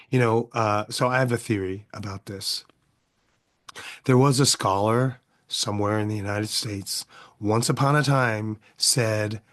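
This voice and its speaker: A man's voice: lowish voice, measured pace. A middle-aged man hosting his own podcast, talking through a casual monologue full of rhetorical questions and tags of "right?". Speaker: podcast host.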